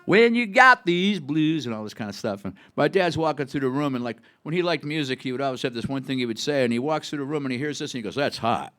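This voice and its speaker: A man in his sixties spins a loose, chatty anecdote on a club stage, wandering through asides and fillers as he goes. His voice sits at an ordinary middle pitch. He is speaking into a stage mic between songs. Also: very fast, few pauses. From Buffalo, New York. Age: 60s. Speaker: singer-songwriter. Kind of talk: onstage storytelling between songs. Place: live music club stage.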